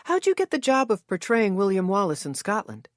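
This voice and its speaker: A woman's voice: mid-range voice, sing-song, a little fast, no echo, studio quality, voice pushed up, natural voice. A woman voicing an earnest young American bookshop worker, asking questions eagerly and a little breathlessly. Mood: friendly. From United States.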